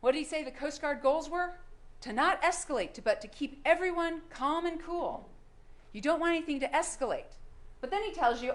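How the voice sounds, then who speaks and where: A woman's voice: high voice, animated, moderate pace, echoey room. A woman prosecutor delivering a courtroom closing argument, firing pointed rhetorical questions at the jury.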